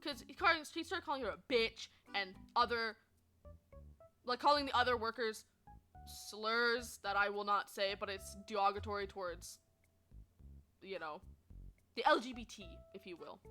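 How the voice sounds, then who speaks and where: A young woman streamer telling stories to her chat in a chatty, animated way, swearing freely and laughing often. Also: fairly high pitch, normal speed, faint music behind. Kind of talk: casual storytelling to chat.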